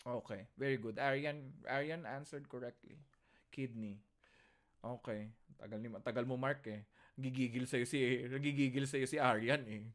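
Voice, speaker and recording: A man's voice: medium pitch, steady tone, moderate pace. A man with a Filipino accent lecturing an online class, teasing his students and switching between English and Tagalog.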